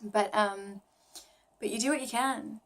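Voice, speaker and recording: A woman's voice: on the high side, steady tone, a bit bright. Musing woman vlogger thinking aloud. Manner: musing, self-questioning, halting with fillers. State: tired. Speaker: language learner vlogger. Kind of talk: casual thinking-aloud vlog.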